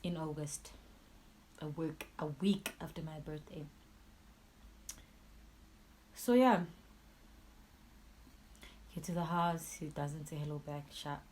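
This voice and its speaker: A young woman recounts a painful personal story, her lowish voice dropping to a hush and then rising sharply. Faint noise sits under the recording. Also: fairly even intonation, slow, long pauses, rough recording. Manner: raw, emotional, switching between hushed and loud. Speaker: YouTuber. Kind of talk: emotional storytime vlog.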